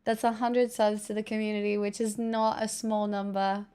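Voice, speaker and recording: A woman's voice: mid-range voice, level tone, moderate pace, dark tone, clear, resonant tone. A woman chatting casually on a livestream, thanking viewers with wry asides while recovering from an illness and coughing now and then.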